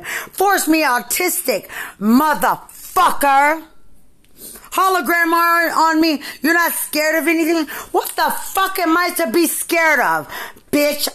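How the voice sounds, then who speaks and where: A woman, a mother, delivering an angry, profane rant that keeps circling back to the same accusations and often breaks into shouting. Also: high voice. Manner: furious, accusing, repetitive, swings into shouting.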